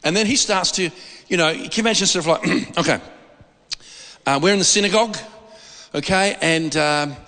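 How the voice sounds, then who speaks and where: A man preaching a sermon in an animated, rambling way, acting out the voices of people he quotes. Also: sits high, moderate pace, long pauses. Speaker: pastor. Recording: preached in a large echoing hall.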